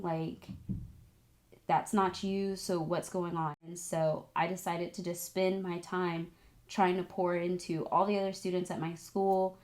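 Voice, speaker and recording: A young woman who vlogs and studies esthetics tells a story directly to the camera, casual and chatty, full of filler words and "like"s. She's animated and emotional, her voice shooting up high at the exciting moments and at times sounding on the verge of tears.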